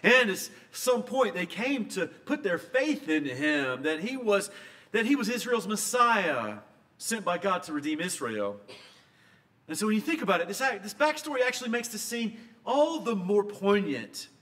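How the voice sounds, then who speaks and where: A man preaching a sermon, telling a scripture story and moving between hushed and emphatic delivery. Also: high-pitched, sing-song, moderate pace.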